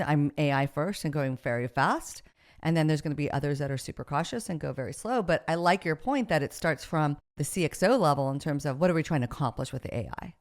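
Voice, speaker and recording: A woman's voice: deep voice, a little mellow. A woman hosting an interview podcast, talking conversationally and affirming her guest often. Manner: conversational, frequent affirming backchannels. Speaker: podcast host.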